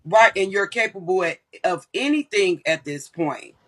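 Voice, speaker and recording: A man's voice: sits high, animated, moderate pace, a bit bright. A man speaking bluntly and emphatically, with profanity, as a live stream co-host. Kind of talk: casual commentary.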